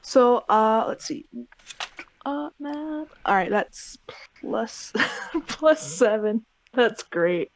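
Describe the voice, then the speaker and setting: Woman player at a tabletop game, higher voice, hesitant, dry close sound. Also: expressive, very slow, no echo, low-quality recording. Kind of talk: tabletop role-play.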